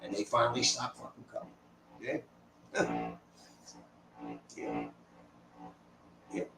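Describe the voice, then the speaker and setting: A man in a casual chat, telling a story in a blunt, profane, animated way. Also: mid-range voice, slow, vocal fry. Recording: distant echoey mic with faint noise.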